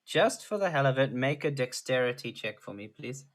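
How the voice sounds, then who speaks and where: A man running a tabletop role-playing session as game master. His voice sits at an ordinary middle pitch. He lays out the scene and the rules in an easygoing way and laughs often. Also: lively intonation, normal speed.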